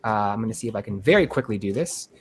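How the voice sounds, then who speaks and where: Game master full of "uh" fillers. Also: male voice, fairly low pitch, expressive, a crowd in the background. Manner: halting, full of "uh" fillers, chatty. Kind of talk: narrating a tabletop game.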